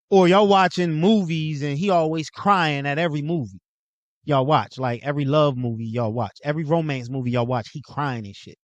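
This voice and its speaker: A man's voice: on the high side, fairly quick, dry recording, muffled recording. A young adult man hosting his own show, lecturing in a blunt, profane, casual way. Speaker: host. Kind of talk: casual monologue.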